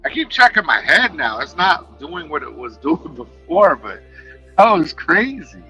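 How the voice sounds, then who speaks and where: Man, live-stream chat, passionate, swears a lot, fairly high voice, headset mic. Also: measured pace, slightly rough, soft background music, poor audio. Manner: animated, passionate, profane talk.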